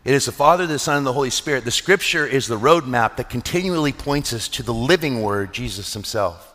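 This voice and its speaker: A man's voice: mid-range voice, lively intonation, fairly quick, a bit bright. A middle-aged man preaching a sermon as a pastor, in an earnest, conversational storytelling manner with frequent restarts. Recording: long hall reverb.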